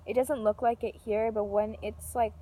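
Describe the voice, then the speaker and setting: A young woman talks through a storytime vlog in a loose, rambling way, full of "like" and restarts. Her voice sits a little high and she curses casually. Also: normal speed. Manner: animated, yells when reenacting an argument; lots of filler and restarts, swears casually.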